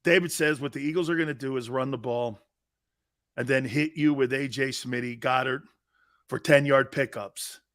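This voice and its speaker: A man hosting a sports talk show, ranting with mock excitement and sarcasm and breaking into shouts. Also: medium pitch, moderate pace. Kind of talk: sports talk radio rant.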